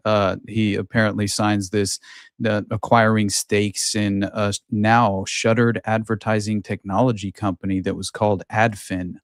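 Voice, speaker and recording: A man hosts a casual podcast conversation in a low, rather monotone voice. He talks haltingly, stacking fillers and restarting his sentences. The recording is dry, with little room sound. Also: dry recording. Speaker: podcast host.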